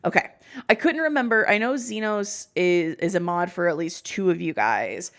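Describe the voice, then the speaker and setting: This podcast host has a lowish voice with lively intonation. She chats casually, rambling, dropping quick asides and swearing freely.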